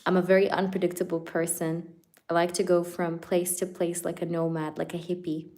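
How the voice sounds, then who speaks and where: Speaking a little fast in a level tone, a tarot reader with a slightly low voice hosts a relaxed live stream. She chats loosely with viewers, laughs often, and leans on "like" and "you know," her voice softening whenever she asks the spirits for cards.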